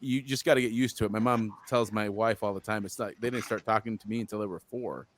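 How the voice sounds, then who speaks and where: A man's voice: fairly low pitch, fairly even intonation, quick pace. A man from Utah, a guest in an interview, talking candidly and frankly in casual chat. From Utah, USA. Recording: dry sound.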